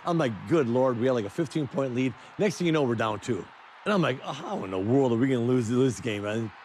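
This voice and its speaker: A man's voice: medium pitch, fast, a little hiss or hum. Laughing man telling locker-room stories. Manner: animated, laughing, heavy with fillers. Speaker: former teammate telling stories. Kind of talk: casual storytelling.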